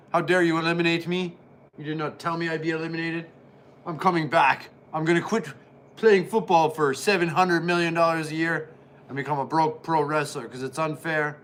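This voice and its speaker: A man's voice: on the high side, a bit bright, slight background noise, lightly acted. A man doing a whiny sore-loser athlete. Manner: complaining, indignant, rapid. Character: whiny sore-loser male football player.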